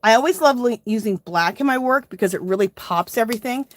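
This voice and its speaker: A woman's voice: fairly high pitch, animated, quick pace. A woman hosting a casual live art journaling tutorial, chatting to viewers as she works. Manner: chatty, addresses viewers as "you guys".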